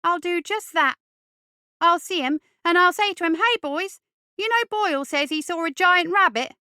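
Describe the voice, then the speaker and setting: A woman's voice: very high voice, moderate pace, sharp tone, no echo, clean studio sound, voice pushed up. A woman doing a sneering little urchin boy. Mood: mocking. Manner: mocking, contemptuous, drawling slang.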